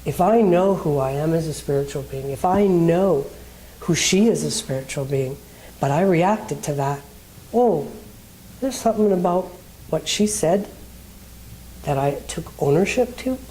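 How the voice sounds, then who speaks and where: A woman's voice: low-pitched, unhurried, dark tone, a little hiss or hum. A woman minister preaching in a conversational way, telling a personal story and acting out the people in it.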